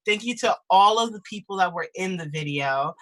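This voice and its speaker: Young musician girl chatting about her single, kinda low voice, says like a lot, on a video call. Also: animated, normal speed, a bit bright. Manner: chatty, leans on "like" and "um". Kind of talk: casual chat in a virtual concert. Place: at home.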